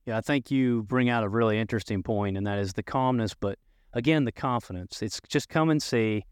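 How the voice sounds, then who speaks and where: A man's voice: on the low side, fairly quick, clear, resonant tone, dry recording, studio quality. A man from Nashville, talking thoughtfully and conversationally about a Bible scene. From Nashville, Tennessee. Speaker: discussion participant, seminary graduate. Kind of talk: casual Bible discussion.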